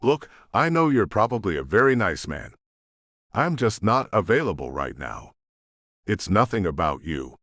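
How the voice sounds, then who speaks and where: A male narrator voicing a guarded, businesslike young woman on a phone call, crisp and formal. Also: lowish voice, sing-song, normal speed, a bit bright, no room sound, studio quality, heavily acted.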